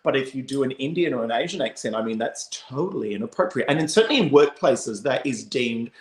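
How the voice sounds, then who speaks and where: Man, co-host, lively swinging pitch, swears a lot, roomy echo. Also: fast talker. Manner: swears freely, animated and emphatic. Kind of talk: casual chat.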